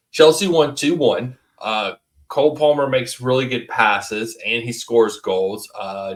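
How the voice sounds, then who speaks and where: A man hosting a casual football podcast over a remote call, blunt and jokey, swearing casually and sounding tired. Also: mid-range voice. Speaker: podcast host.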